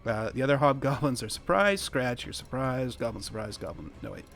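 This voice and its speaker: A man's voice: medium pitch, animated, a little fast, gravelly, fairly bright tone, soft background music. A man narrating a tabletop game as game master, chuckling and rambling, often correcting himself mid-sentence. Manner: laughing, rambling, self-correcting.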